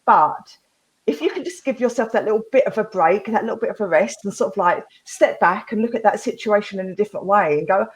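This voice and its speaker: In a roughly recorded live therapy talk, the female host chats her way loosely through a story, laughing a lot and staying animated. Her voice is mid-range and she speaks fast.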